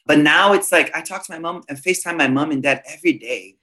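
A man's voice: on the high side, quick pace, pushed and bright. A man, a spiritual teacher, talking as a podcast guest in an earnest, emphatic, teacherly way. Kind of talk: podcast conversation.

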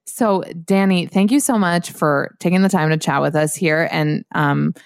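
A woman's voice: fairly low pitch, normal speed, no echo, clean studio sound. A woman hosting a podcast in casual chat, enthusiastic and full of "like". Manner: enthusiastic, heavy use of "like". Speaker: podcast host.

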